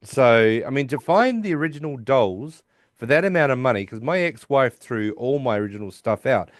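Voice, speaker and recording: A middle-aged Australian man co-hosting a podcast in casual, animated, joking chat. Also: mid-range voice, normal speed, no room sound, studio quality. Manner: animated, jokey, talks over his co-host. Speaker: podcast co-host.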